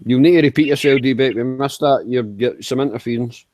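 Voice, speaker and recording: A man's voice: medium pitch, a little fast, darkish tone, dry recording. Playful man hosting a voice chat. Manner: playful, joking banter. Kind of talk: casual chat.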